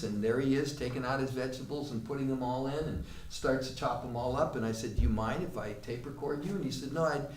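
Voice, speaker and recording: Storytelling male acting teacher, roomy distant sound. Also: medium pitch. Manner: conversational storytelling with fillers. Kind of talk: classroom lecture with anecdote. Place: acting class studio. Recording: roomy, distant mic with faint noise.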